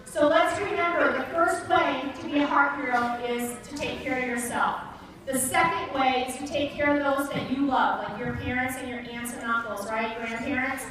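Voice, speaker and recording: A woman's voice: sits high, steady tone, normal speed, fairly bright tone. A woman giving an upbeat, coaxing motivational talk to schoolchildren at an assembly. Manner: upbeat, coaxing, addresses kids directly. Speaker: youth market director at a school assembly. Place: large echoey school gym. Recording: echoey hall, distant mic, crowd noise.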